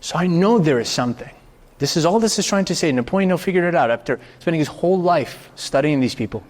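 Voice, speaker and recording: A man giving a live motivational talk to an audience, animated and expressive, firing off rhetorical questions with the occasional swear word. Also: a little high. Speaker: motivational speaker. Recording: reverberant hall.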